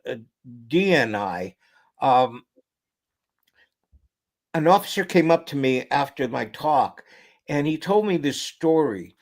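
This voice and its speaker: Animated man telling a story. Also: fairly high pitch. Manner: animated storyteller, drops to near-whisper for quotes. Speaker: guest author and lecturer. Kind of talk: anecdotal storytelling in an interview.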